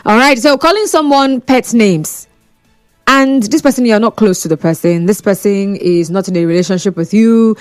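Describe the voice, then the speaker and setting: A woman's voice: mid-range voice, normal speed, dry recording, faint music behind. A Nigerian woman hosting a phone-in radio talk show, chatty and teasing, often laughing.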